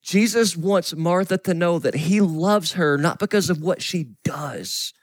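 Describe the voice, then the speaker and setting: A middle-aged man preaching a sermon as a pastor, earnest, often sinking to a soft whisper. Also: sits high, unhurried, no echo, studio quality. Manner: earnest, drops to soft whispers for quoted grief.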